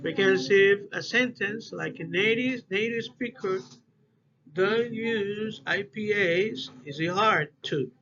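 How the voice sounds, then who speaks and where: Slow, halting man presenting a class. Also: sits high, bright, forceful tone. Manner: halting non-native English, repeats words slowly. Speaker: student presenter. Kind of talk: class presentation on word stress. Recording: dull lo-fi recording with faint noise.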